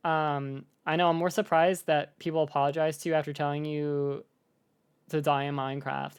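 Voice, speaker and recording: A woman's voice: low voice, moderate pace, clean tone. A young American woman streaming, chatting casually and rambling with lots of fillers. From United States. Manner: rambling, filler-heavy, animated with laughs. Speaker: streamer reacting to a video. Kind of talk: casual live-stream chat.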